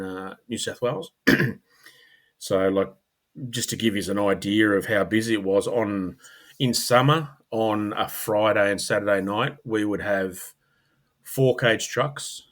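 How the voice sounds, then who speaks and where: A middle-aged Australian man, a former police officer, talking casually as a podcast guest, rambling with fillers and clearing his throat. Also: lowish voice. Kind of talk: casual conversational storytelling.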